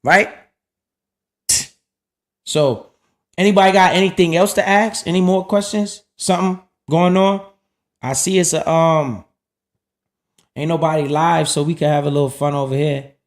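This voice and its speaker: A middle-aged man hosting a casual livestream, talking in loose slang and often dropping low and quiet. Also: a little slow, pauses often. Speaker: livestream host talking investing.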